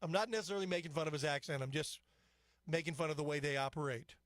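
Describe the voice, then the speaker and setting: A man's voice: a little high, fast, fairly bright tone, no room sound, studio quality. Chatty man hosting talk radio. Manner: rambling, opinionated and chatty, with frequent asides. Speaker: radio talk show host. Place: radio studio. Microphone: studio microphone.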